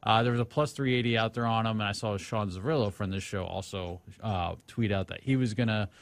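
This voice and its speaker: A man's voice: lowish voice, fast talker, no echo. Casual male betting podcast host. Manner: loose and rambling, with filler words. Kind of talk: casual sports betting chat.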